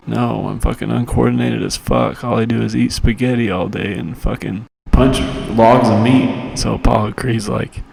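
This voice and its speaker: Gravelly, profane man rambling through a recap. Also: fairly low pitch, steady tone, moderate pace, darkish tone. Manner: rambling, profane, with loose quoted impressions. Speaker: podcast host reviewing movies. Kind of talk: crude comedic movie recap.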